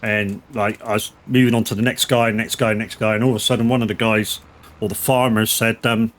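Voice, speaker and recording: A man's voice: lowish voice, little pitch movement, a little fast, fairly bright tone. A middle-aged man, chatting casually and telling rambling, profanity-laced stories while streaming a farming game. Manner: rambling, swears freely, anecdotal. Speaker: gaming streamer.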